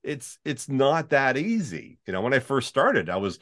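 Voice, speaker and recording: A Canadian man with a baritone voice, a voice-over artist chatting in an interview and slipping into demo voices. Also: slow pace. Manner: chatty, animated, demonstrates reads in put-on voices. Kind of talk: casual interview chat.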